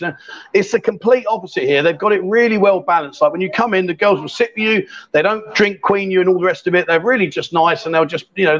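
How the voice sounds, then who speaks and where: Guy doing a jokey live stream from a club, high voice, kinda dull lo-fi sound. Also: fairly bright tone. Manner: teasing, jokey, quick banter. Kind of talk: joking live-stream chat. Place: bar club.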